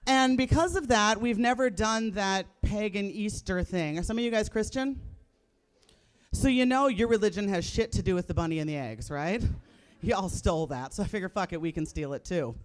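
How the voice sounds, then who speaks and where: A woman's voice: medium pitch, normal speed. A woman in her thirties performing a live stand-up comedy set, blunt and profane, landing wry punchlines. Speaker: stand-up comic. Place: live comedy stage before an audience.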